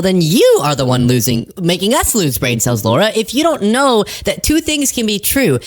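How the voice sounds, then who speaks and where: A woman hosting casual political commentary, sarcastic and animated, laughing at her own jokes. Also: low-pitched.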